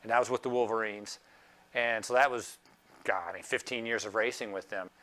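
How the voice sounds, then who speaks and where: A man's voice: fairly low pitch, steady tone, a little fast, pushed and bright. A man, a former cyclist, fondly reminiscing in a documentary interview with frequent restarts.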